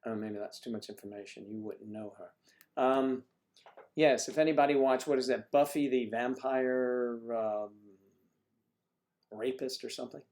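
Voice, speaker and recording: A man's voice: mid-range voice, unhurried, a little mellow. A man hosting a casual livestream chat with viewers, rambling and joking with lots of fillers.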